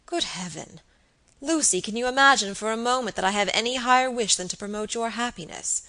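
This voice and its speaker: A woman's voice: on the high side, lively intonation, brisk, sharp tone, pitched above the performer's own voice. A woman reading the part of a fond, anxious elderly baronet, with earnest, affectionate pleading. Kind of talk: audiobook character reading.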